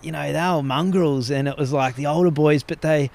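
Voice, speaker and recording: Australian man, pitched a touch high. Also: a little fast, gravelly, a little mellow. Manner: rambling, heavy swearing, tells stories. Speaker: podcast guest. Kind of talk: casual podcast conversation.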